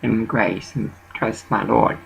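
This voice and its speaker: A man's voice: on the low side, fairly even intonation, slow pace, vocal fry, a little hiss or hum, poor audio. A man telling a rambling, profane story in a casual monologue and dropping in bits of Spanish.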